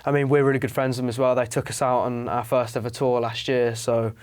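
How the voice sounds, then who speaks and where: A man's voice: mid-range voice, little pitch movement, fast talker, darkish tone. A man in a band, chatting casually in an interview, rambling with many restarts and "man" fillers. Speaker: band member.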